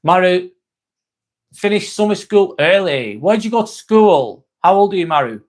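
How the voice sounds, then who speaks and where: An English man talks through a relaxed livestream, answering his viewers' comments one by one and calling them by name. He is laid-back and loose, dropping the odd swear word, and his voice sits a little higher than most men's. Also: normal speed. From England. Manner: chatty, greets viewers by name, swears casually. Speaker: live streamer.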